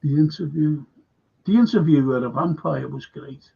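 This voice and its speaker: Male host, husky and gravelly, chatty and rambling, lo-fi stream audio. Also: fairly high pitch, normal speed. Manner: chatty, repeats words, reads viewer comments aloud. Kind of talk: casual film chat.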